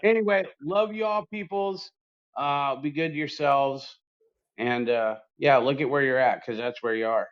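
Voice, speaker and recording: A man's voice: medium pitch, a little slow, smooth. A man co-hosting a casual podcast, laid-back, cursing freely, giving an earnest little pep talk. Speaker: podcast co-host. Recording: dull lo-fi sound.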